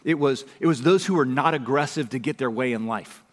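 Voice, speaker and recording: Conversational pastor preaching in a reverberant hall. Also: male voice, medium pitch, a little fast. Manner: conversational, swings from loud to hushed. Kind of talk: sermon.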